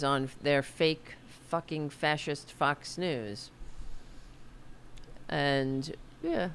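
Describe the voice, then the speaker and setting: A low-sitting voice with a fairly bright tone comes from a middle-aged woman with a New York accent, heard over a little hiss or hum. Hosting her political livestream, she rambles casually, swears a lot, and frets over her hair.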